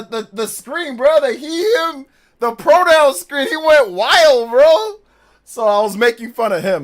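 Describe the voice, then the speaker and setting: A man's voice: sits high, fairly bright tone. A man live-streaming a game, chatting casually, rambling and laughing often.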